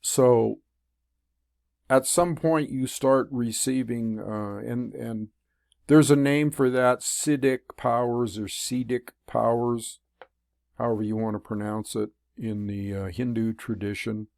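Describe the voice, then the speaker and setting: A man's voice: medium pitch, steady tone, measured pace, vocal fry, a little mellow, dry recording, clean studio sound. A man talking to the camera as a spiritual teacher, in a loose, rambling monologue full of fillers and restarts. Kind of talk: casual monologue. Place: room.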